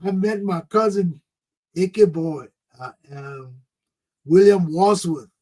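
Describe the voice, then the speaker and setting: High-voiced man telling stories with "oh, man". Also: slow, rough recording. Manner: animated storyteller, exclaims "oh, man". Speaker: talk show host. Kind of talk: personal storytelling and teaching.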